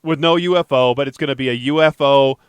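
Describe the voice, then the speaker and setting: A man hosting a casual podcast, reading news items and riffing on them in an animated, jokey way. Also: medium pitch, quick pace, clean tone, no room sound. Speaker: podcast host.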